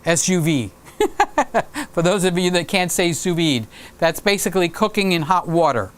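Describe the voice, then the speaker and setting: A man's voice: high-pitched, animated, normal speed. A man hosting his own livestream, chatting casually and rambling through anecdotes while laughing at his own stories. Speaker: livestream host.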